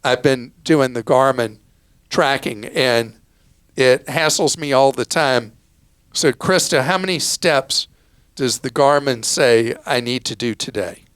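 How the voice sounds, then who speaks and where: A man's voice: mid-range voice, slow pace, a bit bright, smooth, dry recording. A man hosting a call-in consumer advice show, explaining money matters in a plain-spoken, casual way with offhand asides. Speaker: radio show host.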